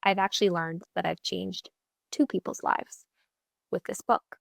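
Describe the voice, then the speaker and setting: A woman's voice: on the low side, steady tone, measured pace, creaky, no echo, studio quality. A woman in her twenties hosting a podcast, telling a personal story in a chatty, upbeat way and acting out the dialogue she quotes. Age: 20s. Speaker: podcast host. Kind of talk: casual solo storytelling.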